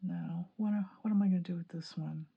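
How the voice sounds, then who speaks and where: A woman from Illinois chatting excitedly while decorating her planner, laughing often. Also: on the low side, fairly quick, gravelly, breathy edge, dull audio. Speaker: planning vlogger. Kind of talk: chatty crafting vlog.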